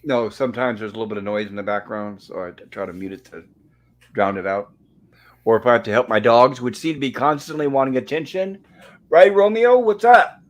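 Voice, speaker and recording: A man hosts a relaxed online show, telling the story of an old sitcom episode conversationally and acting out the characters' lines. His voice is fairly low-pitched and fairly bright in tone, moving at a quick pace. The recording is rough.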